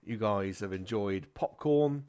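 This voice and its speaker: A man's voice: on the low side, a little slow, mellow, smooth. A man narrating as game master of a tabletop game, rambling with fillers and self-corrections.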